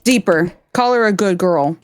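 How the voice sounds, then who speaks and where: A woman's voice: fairly low pitch, expressive, moderate pace, no echo. Woman streamer, teasing and laughy, dry close sound. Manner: laughing, teasing, swearing freely. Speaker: livestreamer. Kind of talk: casual stream chat.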